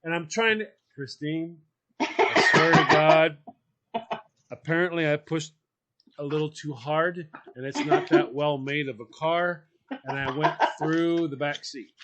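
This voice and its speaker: Animated man telling a funny story. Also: a little high, a little slow, heavy background noise. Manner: animated, acts out quoted voices, laughs while telling. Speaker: podcast host. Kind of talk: casual storytelling.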